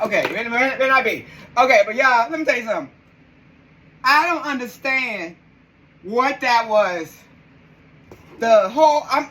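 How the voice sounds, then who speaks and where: A woman's voice: on the high side, rough recording. A woman hosting a live podcast, exclamatory and incredulous, talking straight to her listeners. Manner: animated and incredulous. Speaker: podcast host.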